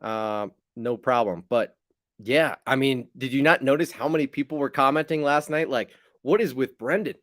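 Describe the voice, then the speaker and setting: A man talks casually to his viewers, rambling along with plenty of fillers and ribbing one of them. His voice is mid-pitched and the sound is dry and close, with no room around it. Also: steady tone, moderate pace, a bit bright, no room sound. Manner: rambling, chatty, teasing a viewer. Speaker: channel host. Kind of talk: casual livestream chat.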